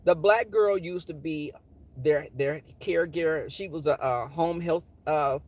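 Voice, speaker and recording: A man's voice: fairly high pitch, measured pace. A man telling sassy, dramatic workplace stories while driving his car. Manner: sassy, animated, dramatic storytelling. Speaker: vlogger. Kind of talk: storytelling chat while driving.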